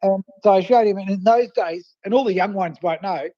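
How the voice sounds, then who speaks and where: An Australian man, a fishing writer and photographer, telling animated stories over a phone line and acting out the people he quotes. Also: high-pitched, a little fast, no echo. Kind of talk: casual storytelling over the phone.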